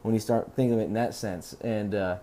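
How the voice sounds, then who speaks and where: A man's voice: lowish voice, steady tone, brisk, warm tone, slight background noise. A man hosting a podcast, telling stories in a rambling, profane, laid-back way. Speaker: podcast host. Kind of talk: casual rambling monologue.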